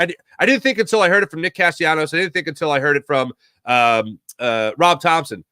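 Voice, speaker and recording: A man hosting a sports podcast, talking through recent games in excited, rambling, fan-like commentary. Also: high-pitched, no room sound, studio quality. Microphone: podcast mic.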